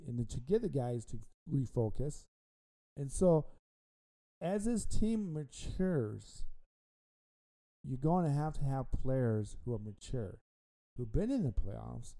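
A man's voice: mid-range voice, mellow, poor audio. A man hosting a casual sports podcast, rambling and repeating himself with frequent ums. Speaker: podcast host.

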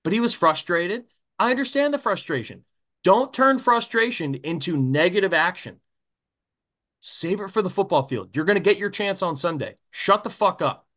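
A man rants on a sports podcast, swearing freely and heated. His voice jumps all over the place in pitch. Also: animated, normal speed, fairly bright tone. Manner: profane, fired-up ranting. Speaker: podcast co-host.

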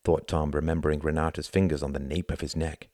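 A man reading a novel aloud as narrator in a measured, even storytelling manner. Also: a bass voice, no room sound, clean studio sound. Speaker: audiobook narrator. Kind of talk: scripted narration.

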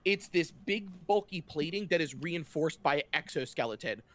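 A man's voice: on the high side, animated, moderate pace, a bit bright. A man narrating a tabletop game as game master, talking casually and describing scenes loosely with fillers and restarts.

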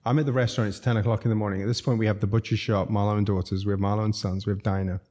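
Racing through his stories, this low-voiced guest from Zambia, a restaurateur, laughs frequently and acts out what people said during a relaxed, lively conversation.

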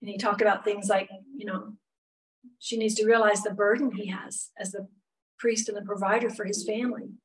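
Leading a women's Bible lesson, a middle-aged teacher talks a little fast in a mid-range, level voice. Her manner is candid and conversational with many "you know" asides, recorded from slightly off the mic.

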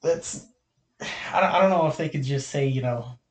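A man's voice: a little high, normal speed. A young man hosting a casual podcast, telling a rambling story with lots of fillers and laughs. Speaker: podcast host. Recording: echoey room with faint noise.

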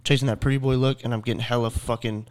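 A young man talks fast and earnestly about fame in a casual podcast chat, quoting fans as he goes. His voice sits in an ordinary middle register and he curses freely. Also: mid-range voice, steady tone, a crowd in the background. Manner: earnest, swears, quotes fans' words. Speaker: social media creator, podcast guest.

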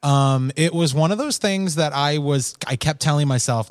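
A man's voice: fairly high pitch, moderate pace, few pauses, no room sound. Male co-host, dry mic, upbeat and playful, talks with gusto. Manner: enthusiastic, playful. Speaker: podcast co-host. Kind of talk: casual chat.

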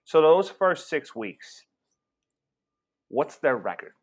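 A man's voice: a little high, big pitch swings, slow. A man co-hosting a sports podcast in casual chat, rambling, joking and swearing. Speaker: podcast co-host.

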